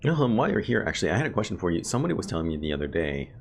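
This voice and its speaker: A man's voice: low voice, very animated, racing, gravelly, a little hiss or hum. A man casually commentating a game he plays, chatty and thinking aloud to his viewers. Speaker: gameplay video host. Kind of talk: casual let's play commentary. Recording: game music playing behind.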